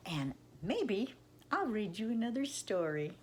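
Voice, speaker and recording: An older woman reading a children's story aloud, gentle and affectionate as she speaks to children. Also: mid-range voice, big pitch swings, measured pace, a little hiss or hum.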